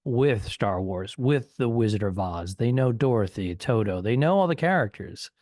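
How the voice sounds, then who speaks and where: A man's voice: mid-range voice, lively intonation, normal speed, a little mellow, no echo. Needling man in dry podcast banter. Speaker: stand-up comedian and podcast co-host. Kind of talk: casual comedy podcast chat.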